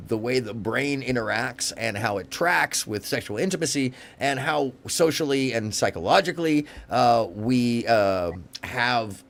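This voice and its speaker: A man hosting a casual call-in livestream, joking loudly and playfully. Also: mid-range voice. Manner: joking, loud bursts, playful. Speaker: livestream host.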